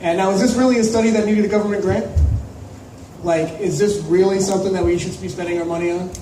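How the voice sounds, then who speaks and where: A man's voice: high-pitched, fairly even intonation, fast talker, warm tone. A man from Ontario hosting a stand-up comedy night, crude and teasing, bantering with the audience in a small club. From Ontario, Canada. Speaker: comedy show host. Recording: echoey club, from far off, faint noise.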